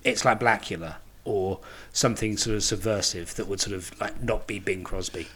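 A man's voice: on the low side, moderate pace, fairly bright tone. A man co-hosting a casual film podcast, dry and sardonic, swearing and riffing on wordplay. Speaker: podcast co-host. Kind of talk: casual film-discussion chat.

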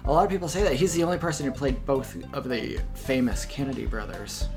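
Man, podcast co-host, deadpan jokes, casual chat, mid pitch, faint music. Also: fast talker. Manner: deadpan jokey asides. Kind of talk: casual chat recapping a TV episode.

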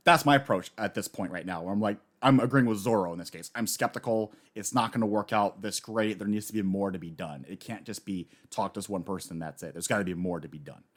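Male podcast co-host, casual discussion, excitable delivery with sudden loud bursts. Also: fairly low pitch, fast talker, few pauses. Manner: animated, excitable, swings from quiet to loud.

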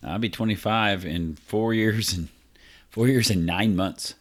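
Very deep-voiced blunt joking man. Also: measured pace. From Indiana. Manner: blunt, joking, swears casually. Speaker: podcast co-host. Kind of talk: casual chat.

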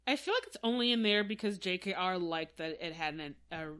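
A woman co-hosting a book podcast in loose casual chat. She rambles and searches for words, and her phrases often trail off into soft, quiet endings. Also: on the low side, animated, a little fast, clear, resonant tone. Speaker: podcast co-host.

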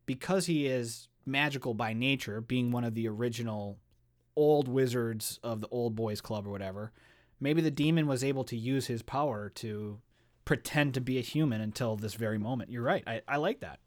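A man's voice: mid-range voice, normal speed. A man co-hosting a book podcast, reading chapters aloud and then gushing about them with lots of swearing and "dude". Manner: excitable, swears, says dude a lot. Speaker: podcast co-host. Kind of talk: reading a novel aloud and discussing it.

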